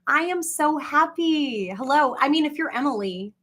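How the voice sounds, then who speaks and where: A woman, rambling on a livestream, swinging between gushing greetings to viewers and low confiding asides. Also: expressive, normal speed, fairly bright tone. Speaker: livestream vlogger.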